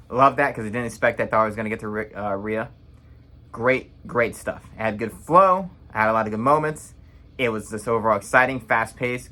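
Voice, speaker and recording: Casting note: young man, bright forceful tone, blunt rambling reaction vlogger. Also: mid-range voice. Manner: blunt, rambling, quick to judge. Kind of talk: casual opinionated recap.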